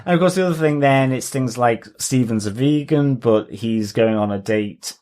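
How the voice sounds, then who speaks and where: A man co-hosting a casual podcast discussion, enthusiastic and halting, restarting his sentences as he goes. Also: mid-range voice, a little mellow. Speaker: podcast co-host.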